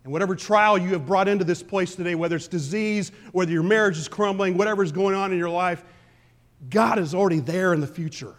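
A pastor preaching a conversational sermon, swinging between loud emphasis and quiet asides. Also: male voice, sits high, fast talker. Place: church sanctuary.

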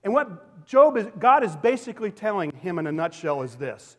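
A male pastor preaching a sermon in a church, emphatic and swinging between loud declarations and hushed, quiet lines. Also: high-pitched, very animated, moderate pace. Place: church sanctuary. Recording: long hall reverb.

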